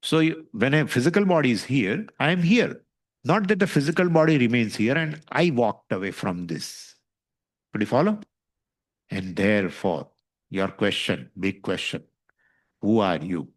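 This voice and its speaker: A man's voice: mid-range voice, lively intonation, normal speed. A man giving a spiritual lecture on scripture, questioning his listeners and repeating his points. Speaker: spiritual teacher.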